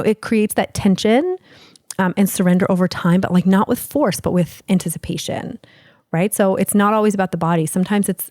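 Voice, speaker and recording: A woman's voice: on the low side, mellow, no room sound, clean studio sound. A woman hosting a podcast as a relationship expert, talking candidly and casually, swearing freely and acting out little exchanges. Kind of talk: casual explanatory talk.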